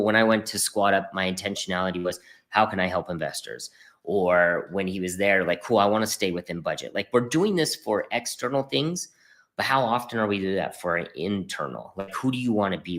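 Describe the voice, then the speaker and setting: A man in his thirties with a notably deep, low-pitched voice shares a personal story as a guest on a podcast. He talks earnestly and with emotion, stumbling over fillers and restarting his sentences. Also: a bit bright. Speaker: podcast guest, performance coach. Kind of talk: heartfelt conversational storytelling.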